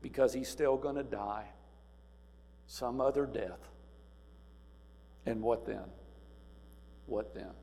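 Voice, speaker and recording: A man preaching a sermon, moving between quiet, musing passages and loud, emphatic cries. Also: mid-range voice, takes it slowly, vocal fry, pauses often. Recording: reverberant hall with faint mains hum.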